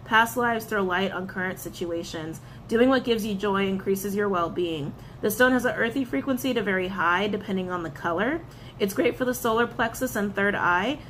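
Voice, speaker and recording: Animated woman doing a tarot reading. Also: mid-range voice, normal speed, a little hiss or hum. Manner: animated, repeats phrases, excited outbursts. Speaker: tarot reader.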